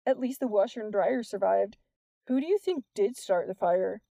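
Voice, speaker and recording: A woman's voice: mid-range voice, moderate pace, vocal fry, warm tone, no echo, studio quality, natural voice. A woman voicing a curious, teasing teenage boy who talks eagerly.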